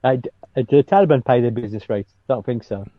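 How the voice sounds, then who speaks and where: A man co-hosting a podcast, ranting in a sweary, halting way with many restarts. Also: mid-range voice, no room sound, lo-fi sound. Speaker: podcast co-host. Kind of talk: casual banter podcast.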